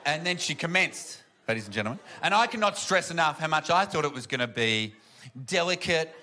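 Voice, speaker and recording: Male stand-up comic, higher bright voice, rambling self-deprecating delivery, live stage mic with room noise. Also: big pitch swings, fairly quick. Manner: rambling, self-deprecating storytelling with many fillers. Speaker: stand-up comedian. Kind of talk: stand-up comedy set. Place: comedy club stage with laughing audience.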